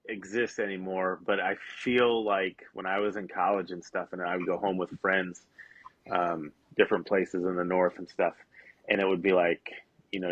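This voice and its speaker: A man's voice: low voice, fairly bright tone, dry recording. A man co-hosting a podcast in casual chat, laid-back, giving short agreeing replies. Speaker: podcast co-host. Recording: dull dry lo-fi sound.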